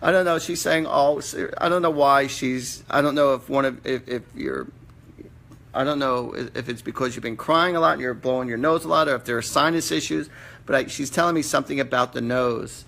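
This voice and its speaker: A man's voice: medium pitch, a little fast, gravelly, a bit bright. A man hosting a live-stream session, giving casual, blunt readings with some mild swearing. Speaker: psychic medium host. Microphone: computer or phone mic on a live stream.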